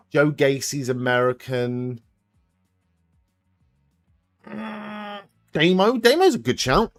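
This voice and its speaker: A man's voice: medium pitch, no room sound, clean studio sound. A man hosting a live watch-along stream, thinking aloud and swearing freely as he plays a guessing quiz with viewers.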